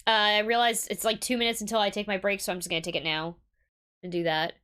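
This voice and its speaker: A woman's voice: medium pitch, level tone, fast talker, noisy background. A woman streaming a game, chatting casually in a giggly, rambling way.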